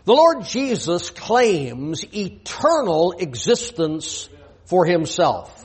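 A man's voice: high voice, sing-song, takes it slowly, a little mellow, husky. A man preaching a sermon in a church, reading scripture aloud and pressing his point with rhetorical questions.

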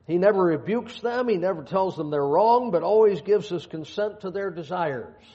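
A man's voice: high-pitched, lively intonation, normal speed, mellow. A man preaching a sermon, reading scripture aloud and dropping folksy, joking asides. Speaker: pastor. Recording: dull lo-fi sound.

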